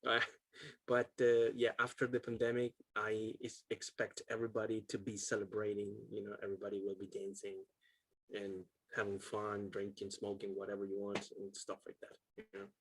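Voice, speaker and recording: In an online English class held over video call, a man with a Chilean Spanish accent speaks in a lowish, breathy-edged voice at a moderate pace, his delivery completely flat. He's casual and chatty, laughs a lot, and fills gaps with um and uh; there's no room sound.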